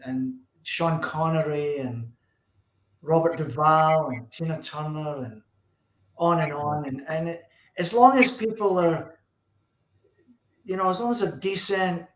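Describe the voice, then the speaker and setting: A man with a Glasgow Scottish accent, a guest musician telling lively anecdotes over a video call and acting out the voices he quotes. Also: fairly high pitch, echoey room, low-quality recording. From Scotland. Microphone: video call from his computer.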